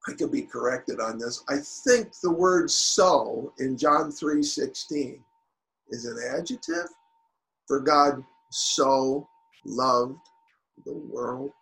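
A man preaching a sermon, building to shouted peaks and then dropping quiet, with halting restarts. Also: a little high, rough recording.

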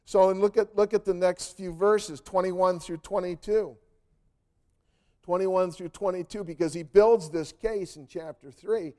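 A man's voice: high voice, fairly even intonation, a little slow, warm tone. A man preaching a sermon, telling stories emphatically and with animation.

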